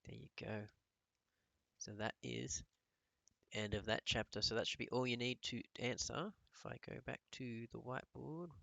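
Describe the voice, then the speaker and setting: Give me a male teacher reading aloud to his class, bright, crisp and dry-sounding. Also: mid-range voice, no room sound. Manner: lively, expressive reader.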